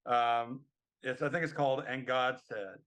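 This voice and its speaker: A man's voice: mid-range voice, steady tone, measured pace, a bit bright. A middle-aged man co-hosting a casual music podcast, talking in a rambling, hesitant way with many ums. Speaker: podcast co-host. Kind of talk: casual chat.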